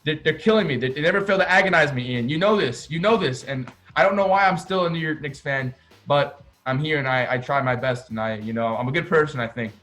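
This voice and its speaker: A young man with a fairly high voice chats about basketball as a podcast co-host. He rambles and gets worked up, his pitch jumping around, and there is faint music behind him. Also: quick pace. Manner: excitable, rambling, many "like"s. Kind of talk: casual sports chat.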